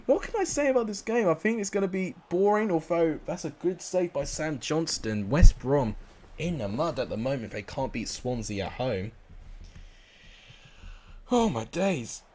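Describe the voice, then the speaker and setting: A young man commentating football games live for viewers, excitable and out of breath. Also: fairly high pitch, normal speed. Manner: shouts and laughs at goals, chats with viewers.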